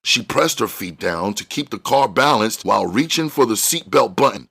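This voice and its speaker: A man with a very deep voice reads a novel aloud. His narration is steady and measured, laying out the scenes in an even storybook manner. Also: gravelly, slightly rough. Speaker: audiobook reader. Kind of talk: storybook reading.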